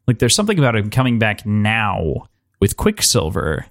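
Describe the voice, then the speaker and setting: A man's voice: fairly low pitch, huge pitch swings, normal speed, creaky. A man co-hosting a podcast, casually discussing a book and asking his partner probing follow-up questions. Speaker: podcast co-host.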